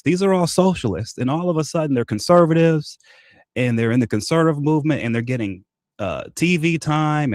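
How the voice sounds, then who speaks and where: A man's voice: fairly low pitch, darkish tone, dry recording, studio quality. A man giving a political commentary monologue, rambling and laughing often, stumbling over repeated words. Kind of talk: casual monologue.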